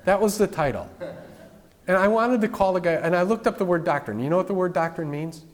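A man's voice: high-pitched, brisk. Male pastor preaching in a reverberant hall. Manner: informal, with animated asides. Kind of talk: conversational sermon. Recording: long reverb from a large hall.

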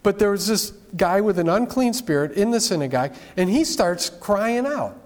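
A man's voice: high-pitched, moderate pace. Male pastor preaching in a reverberant hall. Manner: informal, with animated asides. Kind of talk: conversational sermon. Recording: long reverb from a large hall.

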